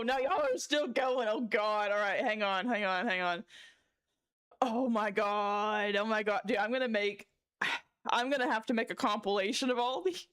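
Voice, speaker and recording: A woman livestreamer chatting casually, reading chat jokes aloud with frequent giggles and short exclaimed protests. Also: on the high side.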